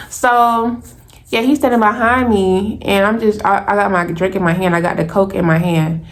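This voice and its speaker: Young woman host, casual storytime, talks right to viewers, middle pitch. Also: moderate pace. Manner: animated, talks straight to viewers as y'all.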